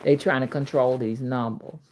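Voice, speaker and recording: A woman's voice: a bass voice, fairly even intonation, moderate pace, a little mellow. A woman from Alabama with an old-fashioned Southern accent, chatting casually on a livestream and reading viewers' comments in a folksy way. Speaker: livestream host.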